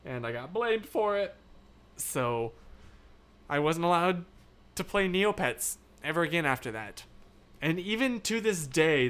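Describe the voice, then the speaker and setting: A young American man hosts a casual live stream in a rambling, filler-heavy way, laughing often as he answers viewer comments. His voice sits a little high for a man. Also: fairly bright tone. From United States. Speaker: livestream host.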